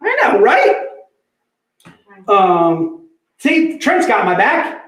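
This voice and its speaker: A man's voice: high voice, wildly swooping pitch, extremely slow, fairly bright tone. A man hosting a casual live sales stream from an office, joking around, laughing often and calling people "dude". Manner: jokey, laughs often, says "dude" a lot. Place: company office. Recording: roomy echo.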